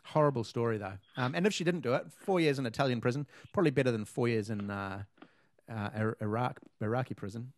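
Brief: New male co-host, rambling casual talker, mid pitch. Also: quick pace. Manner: rambling, many fillers and restarts. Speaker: podcast co-host. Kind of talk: casual chat.

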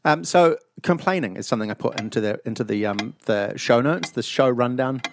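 A man hosting a casual podcast chat, telling stories in a profane, animated way. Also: medium pitch, brisk, slight background noise. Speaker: podcast host. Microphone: online call mic.

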